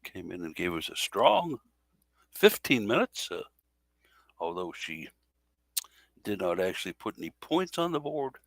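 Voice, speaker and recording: A man co-hosting a casual sports podcast, talking in a halting way with many fillers and self-corrections. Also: deep voice, big pitch swings, creaky, fairly bright tone, no echo. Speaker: podcast co-host.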